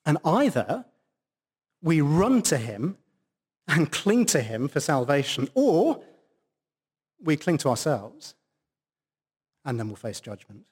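A male preacher delivers a sermon at a church service, leaning hard on single words to drive them home. His voice sits a little high for a man and swings widely in pitch as he presses each point. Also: big pitch swings, slow pace, long pauses, a little mellow, husky. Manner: emphatic, stressing single words.

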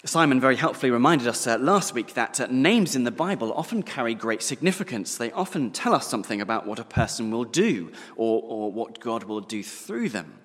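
A man preaching a sermon, slowing down and pausing to stress key words. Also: mid-range voice, big pitch swings, a bit bright, in a large hall.

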